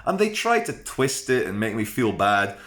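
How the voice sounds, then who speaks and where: Low-voiced man rambling frankly. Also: sing-song, moderate pace, fairly bright tone. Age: 30s. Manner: chatty, rambling, frank, with many fillers and restarts. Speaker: vlogger. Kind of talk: casual storytelling to camera.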